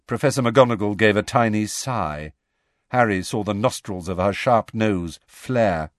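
A man reading a novel aloud as an audiobook narrator, with expressive storytelling. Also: lowish voice, unhurried, dry recording, clean studio sound. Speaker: audiobook reader. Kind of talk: scripted narration.

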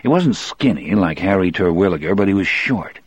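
Low-voiced man narrating an audiobook. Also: animated, moderate pace, husky, no echo. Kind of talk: first-person novel narration.

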